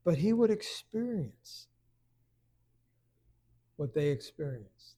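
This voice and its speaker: A man preaching a conversational sermon, stumbling over restarts and then rising into loud bursts of emphasis. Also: a little high, sing-song, slow pace.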